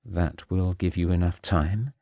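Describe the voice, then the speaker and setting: Male reader doing a secretive woman, guarded, measured, low-key, audiobook. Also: gravelly, dark tone, dry recording. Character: secretive woman arranging a crime, guarded and hurried.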